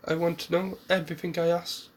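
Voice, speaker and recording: A man's voice: a little high, flat delivery, brisk, slight background noise, natural voice. A man voicing a young male ninja, earnest and lonely, in his own plain speaking voice as he retells a fan story.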